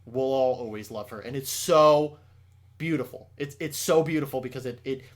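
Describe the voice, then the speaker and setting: A man co-hosting a casual podcast chat, excitable and swearing a lot, raising his voice when he gets worked up. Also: mid-range voice, moderate pace. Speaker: podcast co-host.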